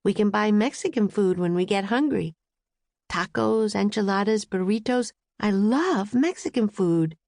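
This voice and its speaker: Curious, bright young girl, a woman voicing her for a kids' storybook, eager delivery. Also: medium pitch, animated, measured pace, vocal fry, dry recording, studio quality, voice pushed up. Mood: cheerful.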